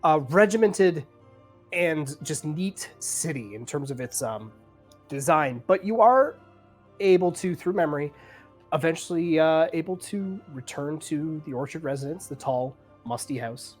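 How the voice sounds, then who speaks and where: A man's voice: on the high side, animated, a little slow, soft background music. A man narrating as game master of a tabletop game, rambling, laughing often and searching for words.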